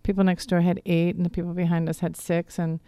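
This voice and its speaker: A woman's voice: on the low side, flat delivery, fast, dark tone, clean tone, dry recording. Philadelphia woman with a Boston tinge. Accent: Philadelphia with some Boston. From Philadelphia area. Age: middle-aged. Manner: rambling, friendly storytelling. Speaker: guest, divorce coach. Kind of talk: radio interview. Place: radio studio.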